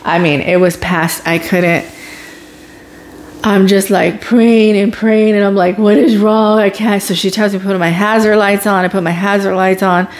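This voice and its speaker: A woman's voice: medium pitch, steady tone, normal speed. A woman vlogger telling her own story in a casual, emotional way, with sighs and groans as she relives it.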